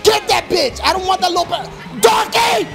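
A man giving loud, excited let's-play commentary, full of profane trash talk and yelling. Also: very high voice, moderate pace, gravelly, a crowd in the background. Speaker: gaming commentator. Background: game music.

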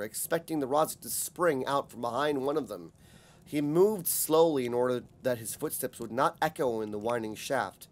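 A man narrating a fantasy audiobook in a measured, steady reading voice. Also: medium pitch.

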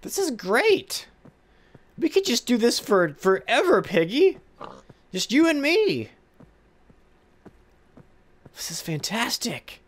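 Talking slowly with frequent pauses, this medium-pitched let's-play gamer offers casual gameplay commentary. They chat playfully with a pet pig, hum, and excitedly squeal and gasp when alarmed.

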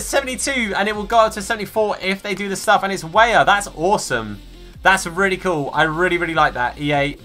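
A man's voice: a little high, pushed and bright. A man streaming a football video game, chatting casually with viewers and greeting them by name. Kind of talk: live gaming stream chat.

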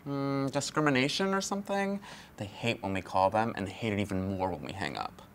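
A woman playing a gossipy, very low-voiced office mentor. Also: animated, fairly quick, slight background noise. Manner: gossipy, whispers asides, laughs often. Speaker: veteran telemarketer mentoring a new hire. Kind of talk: comedy audio drama acting.

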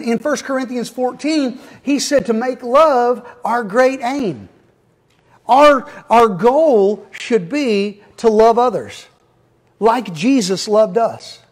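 A male pastor delivers a sermon in a voice pitched high for a man. He keeps it folksy, slipping jokes and asides to the congregation between points. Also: darkish tone.

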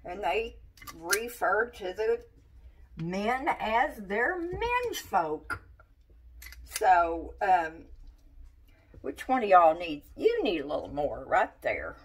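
A woman's voice: lowish voice, sing-song, slow pace, recorded from a distance, a little hiss or hum. A woman giving a casual cooking demonstration in a home kitchen, chatty and folksy, talking straight to her viewers. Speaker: cooking vlogger.

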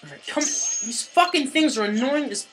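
A woman giving gameplay commentary as a let's play host, getting excitable, cursing and yelling at the game. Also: high voice, normal speed, poor audio. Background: game music.

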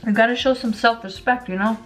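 A woman's voice: fairly high pitch, steady tone, brisk, a bit bright, low-quality recording. Chatty woman vlogging over faint music. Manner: chatty, emphatic, repeats points. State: eating while talking. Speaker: lifestyle vlogger. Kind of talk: casual opinion vlog.

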